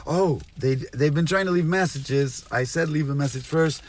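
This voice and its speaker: A man's voice: on the high side, moderate pace. A man hosting a solo podcast from inside a car, rambling in a scattered, jumpy way and talking to absent listeners. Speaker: podcast host.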